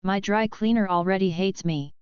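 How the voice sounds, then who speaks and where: A woman's voice: medium pitch, moderate pace, darkish tone, clear, resonant tone, no echo, muffled recording, natural voice. A woman voicing a sarcastic young male superhero who jokes flippantly. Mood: joking. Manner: joking, flippant.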